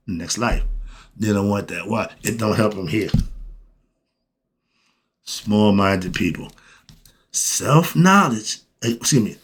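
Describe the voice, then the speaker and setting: Husky guy preaching about self-knowledge, blunt slangy talk, keeps firing questions then answering em. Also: fairly low pitch, animated, slow, pauses often. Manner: emphatic, asks and answers his own questions; colloquial, blunt. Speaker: host. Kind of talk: preachy spiritual monologue.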